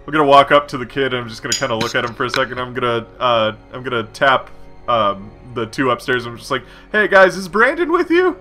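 A man at a tabletop game who talks through his character's moves with an animated, bright voice. He speaks in the first person and walks step by step through what he does. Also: medium pitch, fast, faint music behind. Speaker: player. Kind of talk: tabletop role-play.

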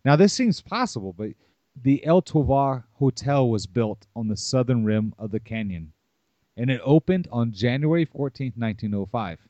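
A man's voice: mid-range voice, expressive, moderate pace, dark tone, dry recording. A man hosting a casual podcast chat, musing aloud and throwing questions at his co-host in a loose, conversational way.

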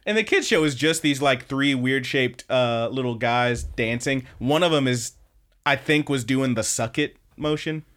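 Male podcast host, mid-pitched voice, loose chatty recap delivery with fillers and quick quoted lines. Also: a bit bright. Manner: chatty storytelling, quoting characters in quick bits; loose, with frequent fillers and swearing. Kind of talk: casual anime episode recap.

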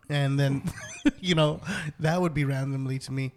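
A man's voice: medium pitch, flat delivery, moderate pace. A man co-hosting a podcast, telling a profane story in casual chat and acting out his own lines. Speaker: podcast co-host.

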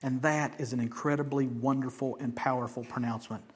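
A man preaching a sermon, shifting between hushed, slow emphasis and loud, high declarations, with casual jokey asides. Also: fairly even intonation, a little hiss or hum. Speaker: pastor.

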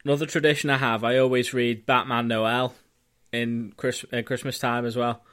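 A man co-hosts a podcast in a relaxed, easygoing manner. He drops casual swearing into his chat. His voice sits at an ordinary middle pitch. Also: normal speed, slight background noise. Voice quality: laid-back, swears casually. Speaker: podcast co-host.

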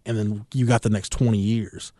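A man in his thirties hosting a casual sports talk show, speaking reflectively with many halting fillers. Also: lowish voice, little pitch movement, mellow, dry recording, studio quality. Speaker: podcast host.

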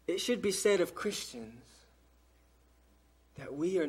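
A man with a Southern American accent preaching a sermon in church, with emphatic pauses. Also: high voice, animated, a little mellow, breathy edge. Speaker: pastor. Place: church during an evening service.

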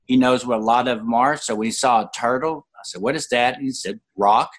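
Man around 60, mid-pitched, interview guest; lively storyteller who jumps up in pitch to voice others. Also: fast talker. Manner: animated, voices other people in quotes with sudden pitch jumps. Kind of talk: conversational personal storytelling.

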